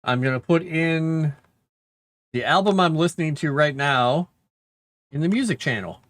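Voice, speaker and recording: A man's voice: fairly high pitch, expressive, moderate pace, a bit bright. A man casually chatting on a live writing stream, trailing off mid-sentence as he works. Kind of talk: casual chat while writing.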